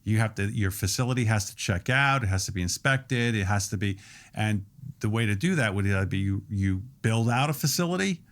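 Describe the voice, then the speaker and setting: A man in his sixties speaks with a slightly low voice as a podcast guest. He explains things at length in a steady, detailed, conversational way, like a restaurant owner walking through how his business works. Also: brisk. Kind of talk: podcast interview.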